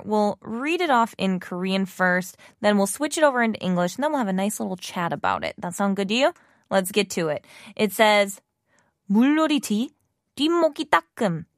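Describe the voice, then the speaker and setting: A woman's voice: mid-range voice, no echo, studio quality. A woman hosting a casual language lesson, chatty and upbeat, explaining with plenty of fillers. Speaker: Korean language teacher and show host.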